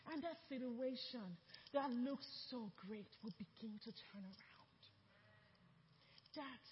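A woman pastor, preaching a sermon with impassioned force that builds to shouted declarations. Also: high-pitched. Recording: dull, echoey church hall recording.

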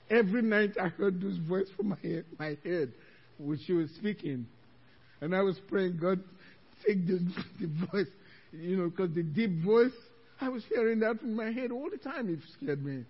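A male pastor preaching a sermon, telling a story with animated delivery and frequent laughter. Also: high voice, husky, long reverb tail, highs cut off.

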